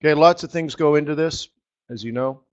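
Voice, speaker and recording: A man's voice: on the high side, a little fast, muffled recording. A man hosting a live trading webinar, talking in a sarcastic, joking, rambling way. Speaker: forex market strategist hosting a live webinar.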